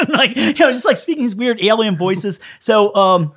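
A musician being interviewed on a podcast tells stories casually in a high voice at a moderate pace. He's an animated storyteller who laughs often and acts out other people's lines.

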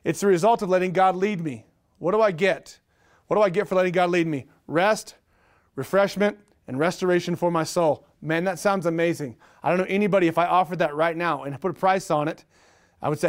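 Middle-aged guy preaching, high voice, lots of repeating and asking the crowd right?. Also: moderate pace. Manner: energetic preaching with rhetorical questions and repetition. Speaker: pastor. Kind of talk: sermon.

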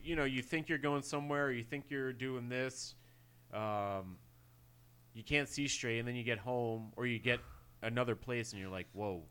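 A man's voice: medium pitch, normal speed, fairly bright tone, smooth. A man co-hosting a podcast, chatting casually with a rambling, filler-heavy way of talking. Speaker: podcast co-host. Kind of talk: casual chat.

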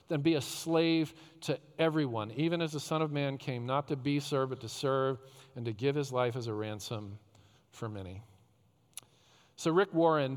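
Emphatic preacher man in echoing hall. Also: fairly high pitch. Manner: emphatic preacher, swinging between loud rhetorical questions and hushed tender phrases. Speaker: pastor. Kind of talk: sermon. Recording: long hall reverb.

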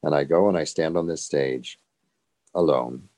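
Speaking at a normal speed in a warm bass, this older former show dancer shares stories during an interview. His manner is reflective and chuckling, with frequent "you know"s.

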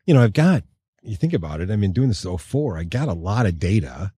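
A man hosting a podcast, chatting casually with a guest and reacting with quick affirmations. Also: on the low side, very animated, warm tone, breathy edge, dry recording, studio quality. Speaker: podcast host. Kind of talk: casual interview chat.

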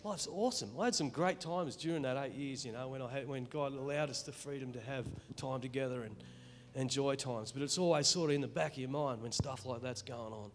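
A middle-aged Australian man giving an earnest, emotional spoken testimony in church, halting and restarting as he speaks. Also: medium pitch, slight background noise.

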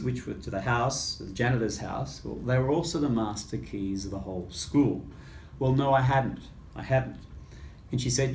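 A man's voice: mid-range voice, very animated, normal speed, a little mellow, slight background noise. A male priest tells a personal story with a voice that rises and falls freely. He acts out the quoted dialogue. The recording has a roomy echo and a faint room ambience underneath. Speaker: Catholic priest.

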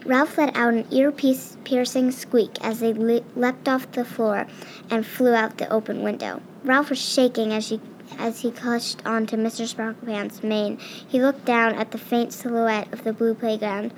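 A woman's voice: a little high, flat delivery, a little hiss or hum, low-quality recording. Woman reading a children's story aloud. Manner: slightly halting, with small slips. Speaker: reader.

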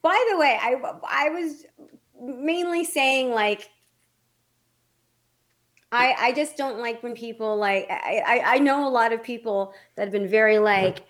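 A woman co-hosting a podcast in casual chat, excitable and quick to laugh, swearing freely and rushing some thoughts out in fast bursts. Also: fairly high pitch. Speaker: podcast co-host.

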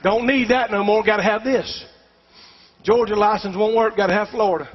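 A middle-aged male pastor preaches with emphatic fervor, urging his congregation to answer back. His voice sits very high for a man. The dull, muffled recording carries a long hall reverb from the church sanctuary. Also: steady tone, normal speed. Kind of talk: sermon.

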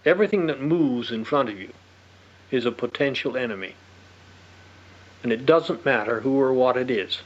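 A man's voice: medium pitch, lively intonation, moderate pace, pauses often. An older man, a war veteran, speaking emphatically and repeating his point. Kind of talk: recollection in interview. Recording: muffled lo-fi radio recording.

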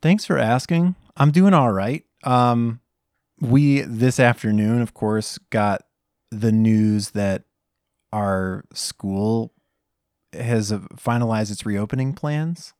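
A man's voice: medium pitch, slow pace, a little mellow, no echo, studio quality. A man in his thirties co-hosting a podcast, chatting casually with wry jokes. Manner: joking, wry asides. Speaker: podcast co-host. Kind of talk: casual chat.

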